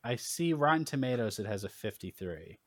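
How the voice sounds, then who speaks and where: A man's voice: medium pitch, sing-song, brisk, no room sound. A man co-hosting a casual podcast chat, opinionated and blunt, swearing now and then as he makes his case. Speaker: podcast co-host.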